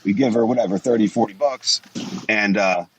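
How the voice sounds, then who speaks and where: A man's voice: on the low side, moderate pace, lo-fi sound, slight background noise. A man in his forties, a former wrestler guesting on a podcast, telling blunt, profanity-laced stories in a rambling, casual way. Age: 40s. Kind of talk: casual storytelling interview.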